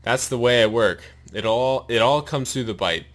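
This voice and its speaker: A man with a sore mouth voicing a huge talking rattlesnake that speaks calmly and matter-of-factly in a storybook reading. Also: mid-range voice, normal speed, lightly acted. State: sore mouth after wisdom tooth removal.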